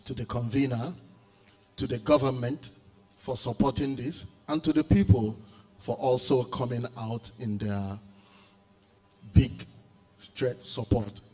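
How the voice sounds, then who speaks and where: A man giving a short thank-you speech at an award night, measured and stressing key words slowly. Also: medium pitch, warm tone.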